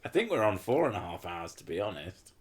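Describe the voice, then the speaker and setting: A man's voice: low voice, sing-song, fairly quick. A man hosting his own stream in casual chat, teasing and sarcastic, swearing often. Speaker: channel host.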